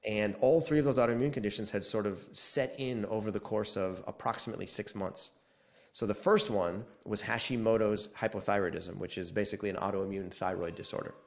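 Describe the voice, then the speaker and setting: A man in his forties, slightly low in pitch, talks through his story as a podcast guest. He is casual and animated, and he jumps into the quoted lines with some flair. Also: a little fast, gravelly. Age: 40s. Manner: animated, acts out quoted dialogue.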